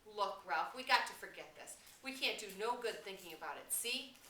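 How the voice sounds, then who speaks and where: A woman's voice: mid-range voice, animated, normal speed, pushed and bright, voice pushed up. A woman voicing an anxious, stubborn chubby schoolboy who speaks shrilly and insistently. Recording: roomy room, distant mic, faint hiss.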